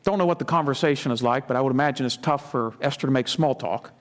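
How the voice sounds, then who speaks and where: A man's voice: medium pitch, fast talker. A man preaching a sermon as a pastor, retelling a Bible story dramatically with casual asides. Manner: conversational asides.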